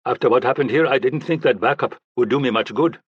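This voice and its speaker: A tall, courteous policeman with an African accent, as a male audiobook narrator puts him on, asking questions in a measured, pleasant way. His voice sits a bit higher than the narrator's own, with a husky edge. The close, dry recording sounds slightly muffled. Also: no echo, natural voice. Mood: polite, probing. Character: calm, polite male police officer, tall.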